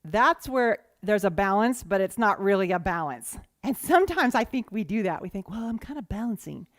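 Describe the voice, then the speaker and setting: A woman giving a sermon as a guest speaker, telling stories in an animated way. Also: medium pitch, moderate pace, no room sound, clean studio sound. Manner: animated storytelling.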